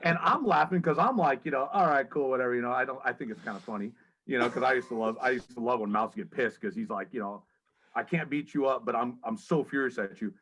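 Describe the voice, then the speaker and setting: A man who is a guest on a podcast, telling lively stories and acting out other people's voices as he quotes them. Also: medium pitch, quick pace, breathy edge. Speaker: podcast guest, paintball pro. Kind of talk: animated storytelling.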